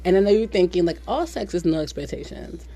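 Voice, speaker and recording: A woman podcast host telling candid stories in casual chat, blunt and animated, with many "like"s. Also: on the low side, fast. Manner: blunt, animated storyteller with frequent "like".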